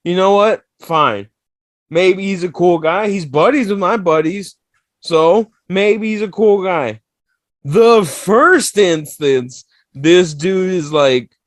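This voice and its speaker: A man co-hosting a casual podcast, talking in a blunt, profane and animated storytelling way. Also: high-pitched, slow pace, no room sound. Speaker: podcast co-host.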